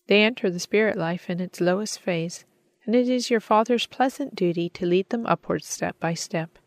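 A woman's voice: medium pitch, moderate pace, dry recording, lightly acted. A woman reading the lines of a serene, loving elderly mother in a storybook. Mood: tender.

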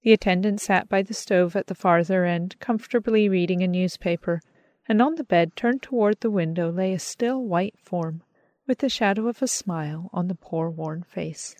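Woman reading an audiobook, lowish voice, earnest and steady, dry close sound. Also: no room sound. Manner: measured and earnest. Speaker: audiobook reader. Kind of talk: scripted first-person narration.

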